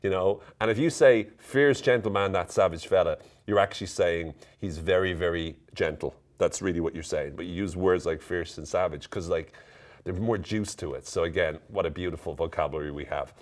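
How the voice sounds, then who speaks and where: Fairly quick and light-hearted, a man from Ireland talks to camera about common Irish expressions in a deep, low voice. His explainer is jokey and teasing, and he keeps cracking up at his own gags.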